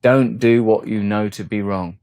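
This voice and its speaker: A man's voice: fairly low pitch, steady tone, a little slow, darkish tone. A man giving a rambling, earnest, philosophical monologue on self-help. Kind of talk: reflective monologue.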